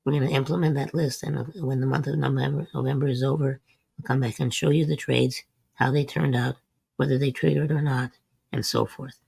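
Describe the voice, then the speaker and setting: A man's voice: medium pitch, steady tone, fairly quick, vocal fry, a little mellow, slightly rough, no room sound. A man hosting a trading lesson, walking through chart examples in a methodical way and repeating short refrains. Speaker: host. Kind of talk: scripted market lesson over a chart screen.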